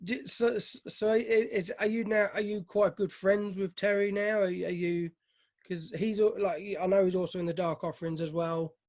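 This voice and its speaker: A man's voice: high voice, fairly even intonation, moderate pace, darkish tone. A man interviewing a filmmaker, stammering and repeating words as he asks questions. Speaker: interviewer and film reviewer. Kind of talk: casual interview chat.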